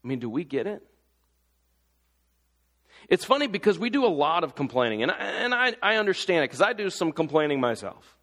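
A man preaches a sermon in a church sanctuary, his voice pitched fairly high. He presses his listeners with impassioned rhetorical questions. The sound rings with a long reverb from the hall. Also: big pitch swings, a little fast, long pauses, fairly bright tone. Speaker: pastor.

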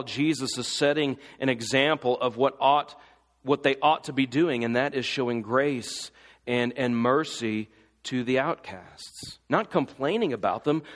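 A man preaching a sermon, impassioned and full of rhetorical questions. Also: mid-range voice. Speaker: pastor. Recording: long hall reverb.

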